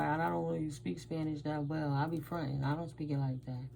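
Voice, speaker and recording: Blunt gravelly-voiced tarot reader woman. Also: low-pitched, flat delivery, a little fast, mellow, low-quality recording. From United States. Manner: blunt, emphatic, slips into Spanish words. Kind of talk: casual tarot reading and storytelling.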